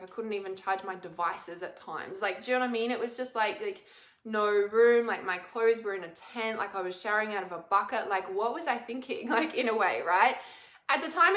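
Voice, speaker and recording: A woman's voice: mid-range voice, fairly bright tone. A woman talking casually to her viewers in a rambling, emotional way, full of fillers. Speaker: spiritual vlogger. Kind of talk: casual confessional talk to camera. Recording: echoey room.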